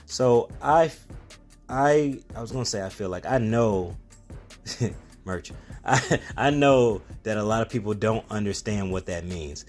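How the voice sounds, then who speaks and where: A man's voice: on the low side, expressive, measured pace, darkish tone, faint music behind. A man giving a casual, rambling storytelling monologue as a self-help vlogger, with plenty of fillers and restarts.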